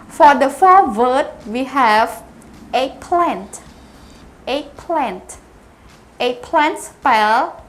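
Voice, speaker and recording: Slow, careful woman. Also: high-pitched, a bit bright. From Cambodia. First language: Khmer. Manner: careful, repeats each word and spells it out letter by letter. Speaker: English teacher. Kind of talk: beginner English vocabulary lesson.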